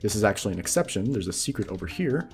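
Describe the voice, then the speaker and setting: A man's voice: lowish voice, big pitch swings, racing, soft background music. Casually chuckling man playing a game. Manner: casual, chuckling, explains as he plays. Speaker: gamer. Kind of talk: let's-play commentary.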